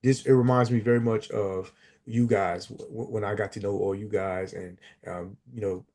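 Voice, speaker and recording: A man chatting casually on a livestream, telling stories in an animated, slangy way. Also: lowish voice, moderate pace. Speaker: community member on a livestream. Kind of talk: casual chat.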